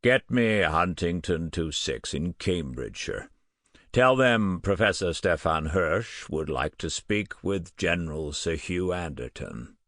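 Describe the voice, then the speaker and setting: A blunt, gruff professor with an American accent, as a male narrator puts him on. The voice sits deep and low, and the delivery is dry and close, like a storybook reading. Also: animated, unhurried, a bit bright, dry recording, heavily acted.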